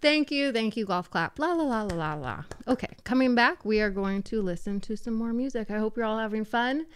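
A woman's voice: fairly high pitch, brisk, clean tone. A woman hosting a local radio show, chatting playfully and teasing her co-host between songs. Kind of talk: casual radio chat. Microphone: studio microphone.

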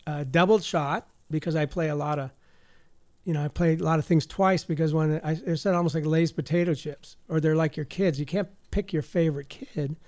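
A man at a radio studio microphone, talking in a casual, rambling way with plenty of asides. His voice sits a little high for a man. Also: fairly even intonation, a little fast, a little mellow. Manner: rambling, easygoing, full of asides.

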